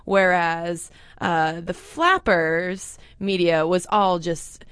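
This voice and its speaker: A woman's voice: on the low side, fairly even intonation, slow, a bit bright, clear, resonant tone, no room sound. A woman co-hosting a casual history podcast, laughing easily and thinking aloud with fillers. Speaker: podcast co-host.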